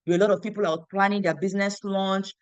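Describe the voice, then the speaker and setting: A woman's voice: mid-range voice, racing, clear, resonant tone, dry recording. A young woman tells a motivational story about her business, repeating phrases and acting out the dialogue. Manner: animated, repeats phrases, acts out quoted dialogue. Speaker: network marketing team leader.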